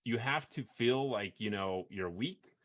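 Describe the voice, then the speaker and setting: A man hosting a video game podcast in casual chat, rambling with frequent restarts and quick laughs. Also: fairly low pitch, fairly bright tone, a little hiss or hum. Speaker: podcast host.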